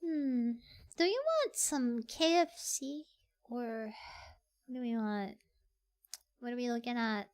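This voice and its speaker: A streamer in casual live-stream chat at a desk microphone, giggly and excitable, breaking into squeals. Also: mid-range voice, slow, pauses often.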